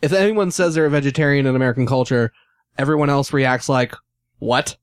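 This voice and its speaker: A man's voice: medium pitch, fast, clean tone, dry recording, studio quality. A man in casual chat, playfully setting up silly scenarios for his friends.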